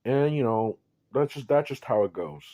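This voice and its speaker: A man's voice: mid-range voice, lively intonation, moderate pace, warm tone. A man telling an improvised fan-fiction story in a rambling, profane, offhand way.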